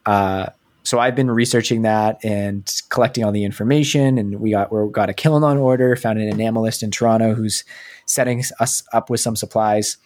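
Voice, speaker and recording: A man's voice: on the low side, fairly even intonation, a little fast, a little mellow. A man hosting a podcast, talking loosely in a casual, self-deprecating way. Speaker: podcast host.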